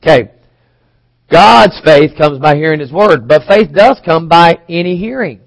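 Male preacher, conversational teaching sermon, slightly higher voice, dry close mic. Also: lively intonation, a little slow, gravelly, no room sound, rough recording. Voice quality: occasional coughs. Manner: conversational, asks the congregation questions.

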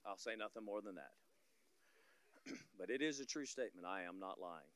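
A man from Florida, preaching a sermon as a guest pastor, telling stories, acting out scenes and building to loud peaks, with humorous asides to the congregation. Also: deep voice, expressive, normal speed.

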